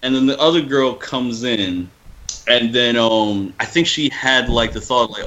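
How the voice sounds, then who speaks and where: A young man in a casual talk, recapping a story hesitantly, with many pauses and ums. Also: mid-range voice, pushed and bright, dull audio, slight background noise. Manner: hesitant, many ums, loses his thread. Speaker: podcast guest. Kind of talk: casual chat.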